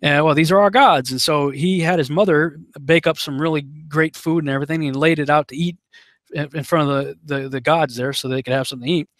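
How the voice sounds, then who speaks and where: A male Bible teacher gives a relaxed, conversational sermon, shifting between stories and scripture he reads aloud, talking fast with many fillers and restarts. His voice sits a little above typical male pitch, recorded dry and close without room echo.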